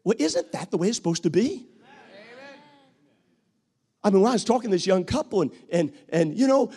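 A man preaching a sermon as pastor, acting out what people say and rising to shouts at his peaks. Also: high-pitched, expressive, moderate pace, long pauses, husky.

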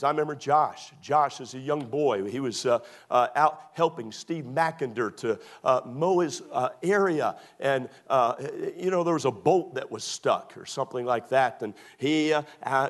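A middle-aged man preaching a sermon to his church, restarting his sentences and repeating emphatic phrases. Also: on the high side. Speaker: pastor. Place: church sanctuary.

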